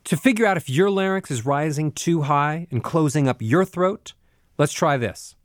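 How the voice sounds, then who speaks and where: A middle-aged man, a voice coach, explaining vocal exercises step by step in a clear, patient way. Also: a little high, lively intonation, moderate pace, no room sound, clean studio sound. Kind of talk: spoken instruction with vocal exercises.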